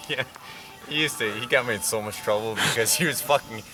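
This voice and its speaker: A man telling a profane story at a campfire, animated and laughing as he goes. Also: mid-range voice, fairly quick, over music. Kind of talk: casual anecdote by a campfire. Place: outdoor campfire at night.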